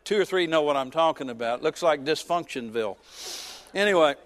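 A man in his fifties, a pastor preaching a sermon who tells a personal story with joking asides and swings between loud and soft. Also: on the high side, lively intonation, fairly quick.

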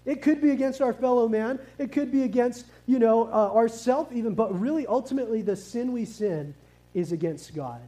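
A man preaching in a very high, mellow voice. He speaks casually and lively to a family congregation, tossing questions to the audience and slipping into slang. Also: normal speed. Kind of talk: family sermon with kids present.

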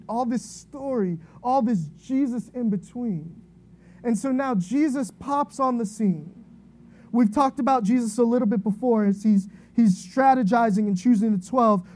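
Preaching in a laid-back, conversational manner, a woman with a voice on the high side shares a story to make her point, frequently asking "right?".

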